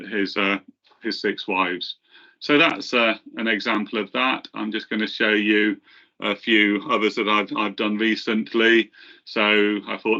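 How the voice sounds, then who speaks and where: Bright-voiced man presenting a webinar. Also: on the low side, muffled recording. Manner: halting, many fillers and restarts. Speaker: presenter from the software team.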